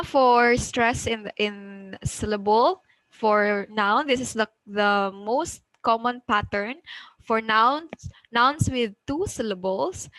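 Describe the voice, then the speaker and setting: A woman teaching an English pronunciation lesson with a Cebuano Filipino accent. She mixes English with Cebuano, often checks in with "okay?" and slows down to stress example words. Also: on the high side, a bit bright, dry recording, low-quality recording.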